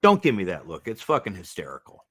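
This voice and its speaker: A man's voice: low-pitched, huge pitch swings, fast talker, creaky, fairly bright tone, husky. A man co-hosting a casual podcast chat, laughing often and retelling movie scenes. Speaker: co-host.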